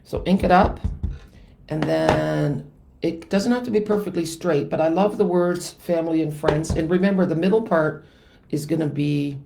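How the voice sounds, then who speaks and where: Hosting a live card-stamping tutorial on her channel, a woman chats with viewers, greets commenters, and teases herself about mistakes as she works. Her low voice has vocal fry and a moderate pace, with a noisy background.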